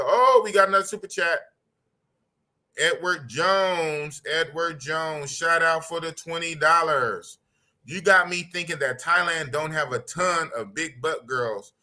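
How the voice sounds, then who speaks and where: A middle-aged American man hosts a casual podcast, reading out live chat comments in a blunt, slangy way that repeats its points. His voice is fairly high-pitched, bright, and forceful.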